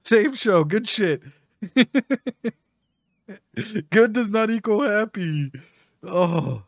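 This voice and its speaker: A man's voice: high voice, expressive, drawn-out words, vocal fry, dry recording. A man giving casual reaction commentary as a streamer, emotional, laughing often and swearing.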